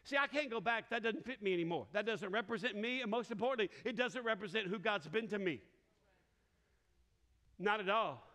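A man's voice: high-pitched, bright, forceful tone. A middle-aged man preaching a sermon, telling a personal story with humor and frequent laughs. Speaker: pastor. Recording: reverberant hall.

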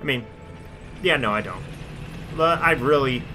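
Lively sarcastic man with music behind. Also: medium pitch, measured pace. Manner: sarcastic, bursts into shouting rants. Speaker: gaming commentator. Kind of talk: let's play commentary.

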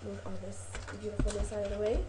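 A woman's voice: mid-range voice, flat delivery, fast, noisy background. A woman hosting a casual craft tutorial, chatty and rambling with frequent ums and self-corrections, a little sniffly from a cold. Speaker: craft video host.

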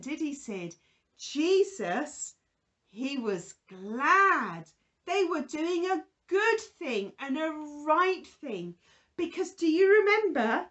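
Lady doing a kids bible story w a puppet, slow and gentle, high voice. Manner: gentle, sing-song, asks the puppet questions. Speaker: children's church presenter.

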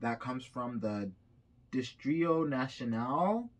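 A man's voice: mid-range voice, animated, takes it slowly. A young Haitian-American man vlogging casually, reading results aloud with chatty asides while a bit sick. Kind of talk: casual vlog reaction.

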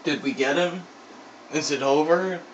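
A man doing let's play commentary, swearing constantly and yelling at the game in frustration. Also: fairly high pitch, unhurried, lo-fi sound, slight background noise. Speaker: gaming commentator. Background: video game music and horse neighs.

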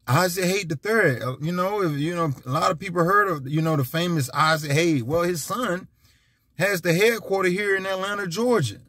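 A man's voice: high voice, normal speed, bright, forceful tone, no room sound, studio quality. A man giving an emphatic, repetitive, preachy monologue as a vlogger. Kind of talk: casual ranting monologue.

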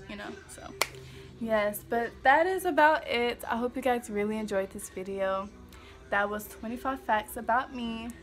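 Sassy, goofy young woman vlogging. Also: fairly high pitch. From Kansas City, Missouri. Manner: sassy, goofy, emphatic, swears casually. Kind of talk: casual talk to camera. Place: home. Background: faint music playing.

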